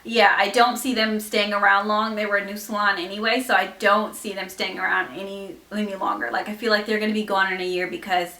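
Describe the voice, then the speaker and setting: A young woman vlogger telling a storytime to camera in an exasperated, animated way, laughing in disbelief between lines. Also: mid-range voice, fairly quick, hardly any pauses. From United States. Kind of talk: storytime vlog talking to camera.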